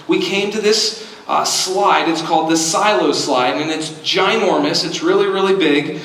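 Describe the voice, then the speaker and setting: A man's voice: on the high side, fairly bright tone, slight background noise. A man preaching a sermon to his congregation, telling a story earnestly and acting out the quoted voices in it. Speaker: pastor. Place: church hall. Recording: echoey hall, distant mic.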